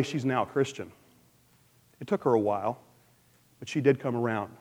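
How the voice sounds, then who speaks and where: A man preaching a sermon as pastor, lively and playful, with asides and sound effects. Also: mid-range voice, big-room sound.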